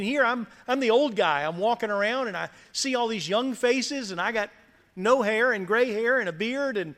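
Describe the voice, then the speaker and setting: A middle-aged man with a South Louisiana accent, giving an earnest, gently humorous prepared speech at a reception. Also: extremely high pitch. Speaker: scholarship recipient speaker. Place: large community center hall. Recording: reverberant hall.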